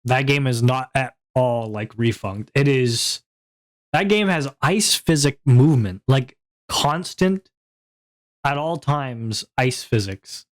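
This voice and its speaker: A man's voice: mid-range voice, expressive, slow. Rambling, laughing male streamer. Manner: rambling and self-deprecating, laughs often. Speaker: VTuber streamer. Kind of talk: casual solo stream chat.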